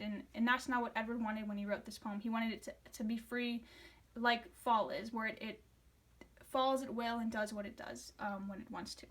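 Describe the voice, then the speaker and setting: Young woman giving a class presentation. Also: fairly high pitch. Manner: reads from a script, with fillers and restarts when explaining. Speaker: student presenter.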